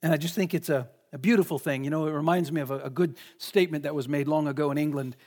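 A man's voice: on the high side, steady tone, quick pace, a little mellow. A man preaching a sermon in a conversational way, often asking the listeners questions. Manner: conversational, asks the congregation questions.

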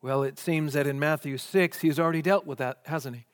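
A man's voice: on the high side, a little fast, long reverb tail. A man preaching a sermon, posing question after question before answering them emphatically.

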